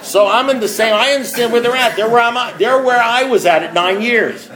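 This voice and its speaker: A man's voice: extremely high pitch, fairly quick, a bit bright. A man speaking at a recovery meeting, telling his story with wry, self-mocking humor and emphatic, repeated build-ups. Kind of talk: storytelling talk.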